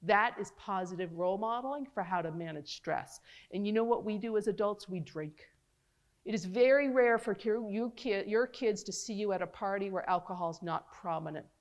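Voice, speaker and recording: Animated woman doctor lecturing a crowd. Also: mid-range voice, moderate pace. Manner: animated, chatty, talks straight to the audience. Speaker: physician giving a public talk. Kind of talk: lively public health lecture.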